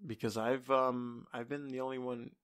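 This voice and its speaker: A man's voice: medium pitch, little pitch movement, moderate pace, fairly bright tone, clean tone. A man hosting a solo comedy podcast from his apartment, rambling and swearing with lots of fillers. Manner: rambling and profane, with many fillers. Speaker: podcast host. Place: home apartment. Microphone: desk microphone.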